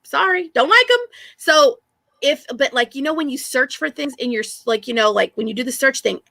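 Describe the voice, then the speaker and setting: A woman's voice: high-pitched, lively intonation, brisk, creaky, pushed and bright, dry recording. A woman hosting a live stream, telling rambling stories in casual chat with lots of restarts. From Texas. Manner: chatty storyteller, rambling with many restarts.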